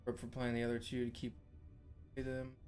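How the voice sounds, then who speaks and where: A man's voice: mid-range voice, monotone, a little fast, darkish tone, soft background music. Easygoing man hosting a stream. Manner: easygoing, rambling. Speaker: stream host. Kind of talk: casual livestream chat.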